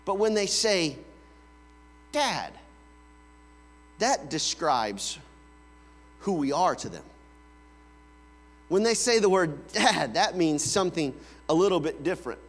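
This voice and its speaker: A man's voice: a little high, expressive, a little slow, long pauses. A man, a pastor, delivering a sermon, telling family stories and playfully acting out his children calling for their parents. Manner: storytelling, acts out kids calling with playful voices. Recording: long hall reverb with mains hum.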